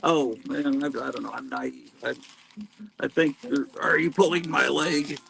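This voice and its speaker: A man's voice: fairly high pitch, fairly even intonation, a little slow, vocal fry, a bit bright, slight background noise, rough recording. A man hosting a live stream from home, chatting in a rambling, self-deprecating way among his comic books. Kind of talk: casual live-stream chat. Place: home room stacked with comics.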